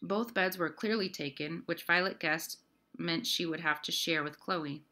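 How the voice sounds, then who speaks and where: A woman reading a novel aloud in an even storybook manner, narrating the scenes. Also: lowish voice, measured pace. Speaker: audiobook reader. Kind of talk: scripted narration.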